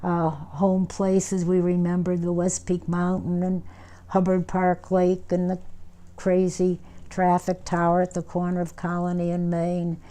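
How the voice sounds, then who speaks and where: A woman in her nineties, a war veteran, recounts an old memory in an oral history interview. Her voice is low and mellow with a flat, even melody. She reminisces unhurriedly, filling pauses with small hesitations and frequently restarting her phrases.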